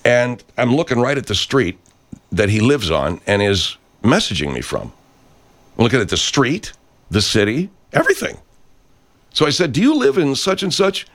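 A man's voice: mid-range voice, huge pitch swings, normal speed, a bit bright. A man hosting a show, ranting in a brash, foul-mouthed, rambling monologue. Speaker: host. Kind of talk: profane rant monologue.

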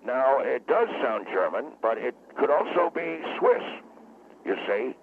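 A man doing a gravelly, hot-tempered blowhard. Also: sing-song, a little slow, background noise. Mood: lecturing. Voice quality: gravelly, explodes into shrill outbursts. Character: hot-tempered blustering male studio guest. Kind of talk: comic radio character. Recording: tinny phone line.

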